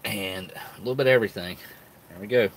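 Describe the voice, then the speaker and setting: A man's voice: fairly low pitch, fast talker, a little hiss or hum. A man chatting casually to his viewers while he tastes old food, sometimes talking with his mouth full. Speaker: food reviewer. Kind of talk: casual vlog talk to camera.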